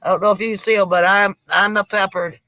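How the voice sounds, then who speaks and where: A middle-aged woman, hosting a live stream from home and telling corny jokes slowly, laughing and sighing often, a bit tipsy from drinks. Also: mid-range voice, fairly even intonation, sharp tone, dry recording, faint music behind. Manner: slow, corny jokes with frequent laughs and sighs. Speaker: live stream comedy host. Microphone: computer mic for a live stream.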